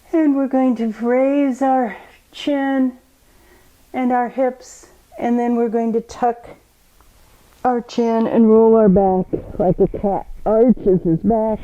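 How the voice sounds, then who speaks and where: A woman guiding children through a bedtime yoga story, with gentle, coaxing and playful instructions. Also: a little high, muffled recording. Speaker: kids yoga teacher.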